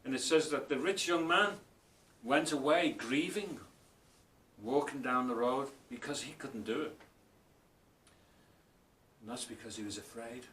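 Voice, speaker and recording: A man giving a spiritual talk as author and speaker, telling stories in a reflective way and slowing down for emphasis. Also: fairly bright tone. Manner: storytelling, reflective, often slows for emphasis. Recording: roomy, distant mic, faint rumble.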